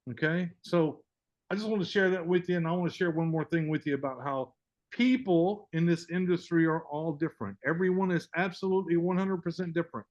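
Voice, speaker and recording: Folksy man with a slightly high voice. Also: a little fast. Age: older. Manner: folksy storytelling, acts out both sides of a conversation. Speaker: network marketing presenter. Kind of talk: casual webinar talk. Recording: dull lo-fi webinar audio.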